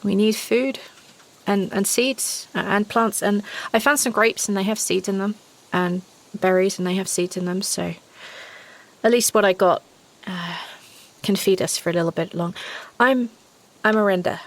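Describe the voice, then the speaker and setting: A woman voicing a wary young woman survivor who speaks in halting, stammering bursts. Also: mid-range voice, fairly even intonation, natural voice.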